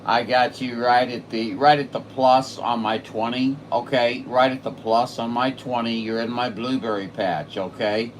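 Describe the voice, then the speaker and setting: A man on his home radio setup, chatting excitedly on the air with a distant station. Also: medium pitch, normal speed, few pauses, slight background noise. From Saint Louis, Missouri. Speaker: radio operator streaming live. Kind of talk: casual radio chat.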